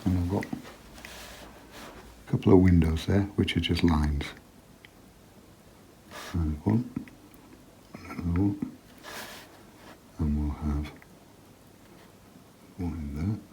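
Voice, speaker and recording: Soft-spoken man teaching watercolour. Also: deep voice, slow, pauses often, slight background noise. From England. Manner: quiet, chatty, drops to a murmur while working. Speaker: watercolour painting tutor. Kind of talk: relaxed painting demonstration.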